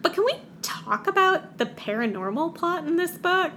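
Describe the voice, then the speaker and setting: A woman's voice: very high-pitched, big pitch swings, moderate pace, bright, forceful tone, a little hiss or hum. A woman co-hosting a casual book chat podcast, giving wry, exasperated commentary. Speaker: podcast co-host.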